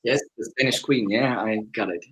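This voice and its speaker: A man co-hosting a casual livestream chat, speaking haltingly with pauses and short asides. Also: mid-range voice, a bit bright, rough recording. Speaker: co-host.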